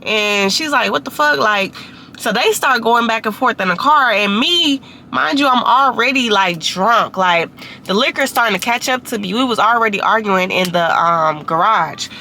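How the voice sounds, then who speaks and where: A woman's voice: a little high, expressive, moderate pace, pushed and bright, a little hiss or hum. A young woman telling a casual storytime, chatty and full of slang and fillers. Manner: chatty, heavy use of "like" and slang. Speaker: vlogger.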